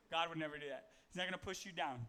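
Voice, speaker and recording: Man, preacher, casual sermon, slightly high voice, loose conversational delivery. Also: fairly quick, pushed and bright. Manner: loose and conversational, with fillers and self-corrections.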